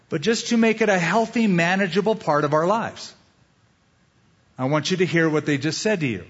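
A male pastor delivers a sermon in a conversational way, often putting questions to his listeners. His voice sits on the high side, fairly bright with a breathy edge, and the recording has a dull, lo-fi sound.

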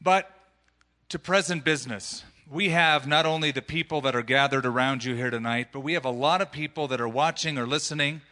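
Bright-voiced male pastor. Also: medium pitch, a little fast. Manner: upbeat, joking. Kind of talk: live church service, interviewing guests.

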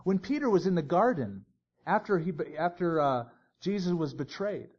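Animated man teaching a sermon. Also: high voice, moderate pace, husky. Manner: conversational, with joking asides. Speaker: Bible teacher. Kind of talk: expository Bible teaching sermon. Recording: dull lo-fi recording.

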